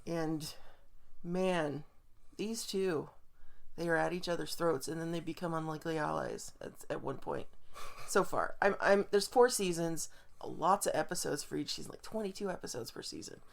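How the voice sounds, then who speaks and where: A woman co-hosting a podcast, with a voice slightly lower than most women's. She chats casually and rambles from one thought to the next, with frequent "um" and "like" as she goes. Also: moderate pace, creaky. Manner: chatty, rambling, frequent ums and likes. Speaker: podcast co-host. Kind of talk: casual chat.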